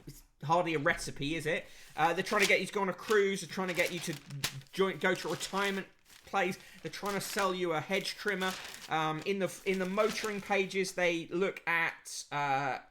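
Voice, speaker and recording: A man's voice: sits high, moderate pace, noisy background. A man hosting a podcast and giving a sardonic, casual running review of newspapers, with plenty of fillers.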